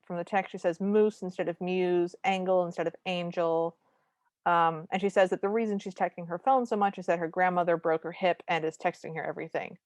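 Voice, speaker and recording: A woman with a somewhat low voice co-hosts a casual podcast and walks through a movie plot with wry, joking asides. The sound is dry and close, with no room around it. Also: dry recording. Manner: wry, conversational storytelling with humorous asides. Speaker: podcast co-host. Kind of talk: casual movie recap chat.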